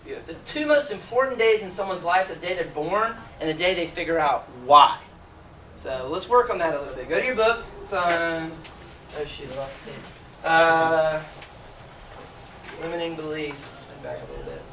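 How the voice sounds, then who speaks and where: A man in his forties, a chiropractor giving an emotional, animated motivational talk to a seminar audience, asking them direct questions. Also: a little high, normal speed, slight background noise. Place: seminar room. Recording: roomy sound from a distant mic.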